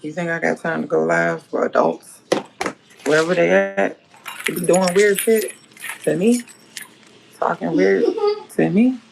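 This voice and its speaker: A woman's voice: lowish voice, unhurried, creaky, pauses often, background noise. A woman cooking while she chats to her stream, talking bluntly, cussing freely and rambling. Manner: blunt and profane, scolding and rambling. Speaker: home cook and food vlogger. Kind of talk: casual livestream chat while cooking.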